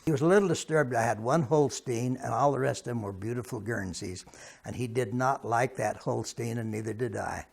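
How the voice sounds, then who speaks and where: Gravelly man recalling farm days. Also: medium pitch, brisk. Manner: amused, folksy. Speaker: grandson, former dairy farmer. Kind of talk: oral history reminiscence.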